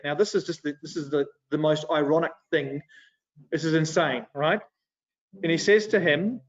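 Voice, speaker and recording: A man with a fairly high voice leads an adult Bible class, retelling the scripture in a loose, conversational way with plenty of animation. The recording sounds dull and lo-fi. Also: normal speed. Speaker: Sunday school teacher. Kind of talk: casual Bible class teaching.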